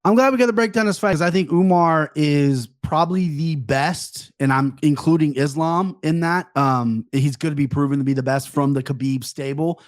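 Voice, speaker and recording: Man, co-host, chatty fight breakdown, slightly high voice, dry sound. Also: normal speed, hardly any pauses, dry recording. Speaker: podcast co-host. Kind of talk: casual sports podcast chat.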